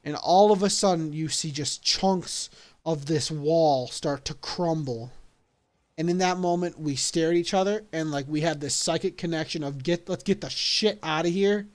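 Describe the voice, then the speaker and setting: A young man telling a story casually, animated and laughing along at his own story. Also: fairly high pitch, moderate pace. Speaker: vlogger.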